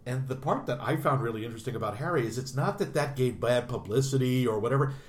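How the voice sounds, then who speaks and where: A man's voice: mid-range voice, fast. A man in a casual film discussion, talking animatedly and acting out the quoted lines. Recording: roomy with faint noise.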